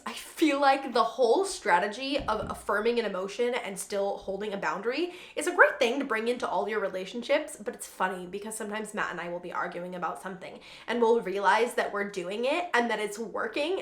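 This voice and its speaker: Young woman, parenting vlogger, earnest, chatty, medium pitch, echoey room. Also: brisk, few pauses. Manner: chatty, earnest, frequent "like" fillers. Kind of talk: casual advice vlog.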